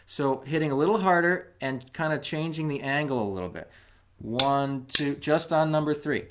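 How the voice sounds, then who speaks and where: A man's voice: fairly high pitch, moderate pace, fairly bright tone, slight background noise. Patient man teaching a lesson. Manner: patient, counts beats aloud while demonstrating. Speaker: music teacher. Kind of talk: instructional video lesson. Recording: clicking spoons heard behind. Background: clicking of spoons.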